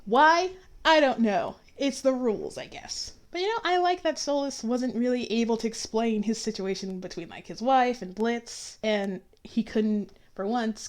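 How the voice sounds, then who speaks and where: A woman's voice: medium pitch, a little mellow. A woman giving an opinionated, chatty review with sarcastic asides. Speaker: YouTube reviewer. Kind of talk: casual review commentary.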